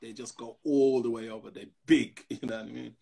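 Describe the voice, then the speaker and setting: A man's voice: medium pitch, brisk, gravelly. A man in his fifties, a pastor, telling personal stories in a casual discussion and acting out the other people in them. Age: 50s. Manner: animated storyteller who acts out other people's voices.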